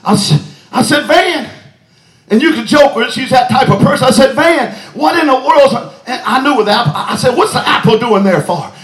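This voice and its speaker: A man preaching a sermon, shouting out a story with frequent "uh" and hallelujahs. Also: very high voice, lively intonation, a little fast. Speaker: pastor. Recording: echoey church with music behind.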